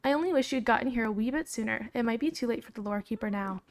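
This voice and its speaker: A woman's voice: fairly high pitch, quick pace, natural voice. A woman reading a brave young princess's game dialogue aloud in her own plain voice, without putting on an accent. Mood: earnest.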